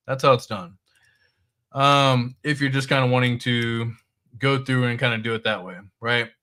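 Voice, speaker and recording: Man, mid pitch, relaxed livestream host who reads chat and cusses casually. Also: normal speed, clear, resonant tone. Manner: loose and conversational, swears, reads viewer chat.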